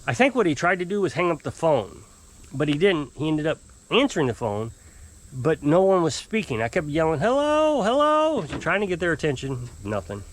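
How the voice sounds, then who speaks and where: A man telling a long, exasperated story to camera in a rambling, casual way. He mimics his customers in high, put-on voices. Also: big pitch swings, brisk. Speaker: off-grid homesteader fixing small engines.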